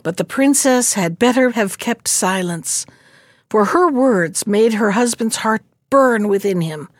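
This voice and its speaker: A woman reading a fairy tale aloud, narrating in a measured, expressive way. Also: on the high side, no echo, studio quality. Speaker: storyteller.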